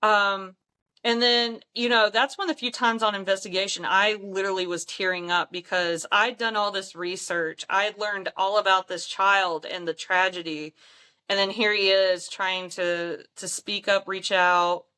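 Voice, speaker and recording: A woman's voice: mid-range voice, steady tone, moderate pace, sharp tone, clean tone. A woman, a paranormal investigator, telling stories in a casual chat with frequent ums and light laughs.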